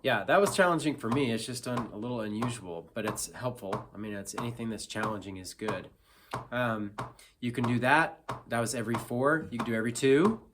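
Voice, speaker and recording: A man teaching acoustic guitar in a relaxed, self-deprecating way, counting beats aloud and filling pauses with ums. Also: mid-range voice, background noise. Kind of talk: casual instructional talk. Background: acoustic guitar playing.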